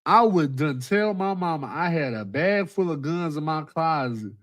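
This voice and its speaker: A man's voice: on the high side, animated, moderate pace, fairly bright tone, dry recording. Rambling slangy man hosting a livestream. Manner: rambling, profane street slang, restarts. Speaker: livestream host. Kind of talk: casual livestream talk.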